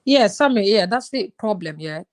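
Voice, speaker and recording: A woman in her thirties talking in a casual, animated way, now and then slipping in short Wolof phrases. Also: medium pitch, moderate pace. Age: 30s. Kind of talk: casual conversation.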